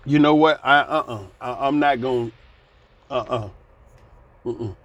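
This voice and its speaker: A man's voice: mid-range voice, slow pace, dull audio. A man in his sixties giving blunt, folksy commentary, ranting and sighing between points. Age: 60s. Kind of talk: casual commentary vlog.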